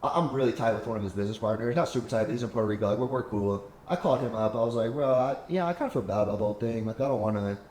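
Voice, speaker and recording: Low-voiced man telling stories in an echoey room. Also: racing, hardly any pauses, darkish tone. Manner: rambling storyteller, acts out quoted talk. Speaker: podcast host. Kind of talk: casual chat. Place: penthouse apartment. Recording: echoey room, faint background hum.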